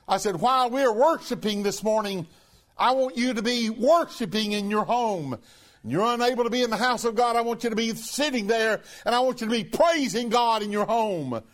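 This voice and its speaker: A man preaching a sermon to his congregation, emphatic and earnest, swinging between loud high stresses and low quiet phrases.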